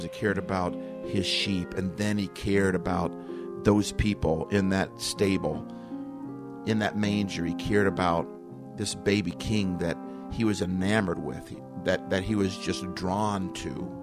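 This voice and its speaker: A man's voice: low voice, steady tone, a little slow. A middle-aged man hosting a podcast, talking earnestly and emotionally and circling back to the same phrases. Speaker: podcast host. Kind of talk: reflective solo podcast talk. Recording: music playing underneath.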